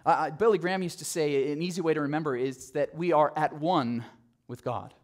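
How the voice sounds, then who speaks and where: A man preaching with a slightly higher voice, lively and animated as he tells the story. He drops to quiet, low emphasis on the phrases that matter. His talk has the flow of a pastor's sermon. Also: brisk. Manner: animated storytelling, acting out quotes.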